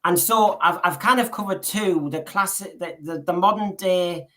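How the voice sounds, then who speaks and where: A man's voice: high-pitched, moderate pace, sharp tone. Rambling man stumbling over his words. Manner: rambling, frequent restarts and repeated words. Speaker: podcast co-host. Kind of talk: casual chat.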